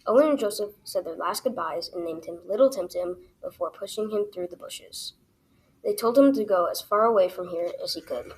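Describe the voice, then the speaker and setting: A woman reading her own children's story aloud as the storyteller, in an expressive, animated way. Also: on the low side, normal speed, rough recording.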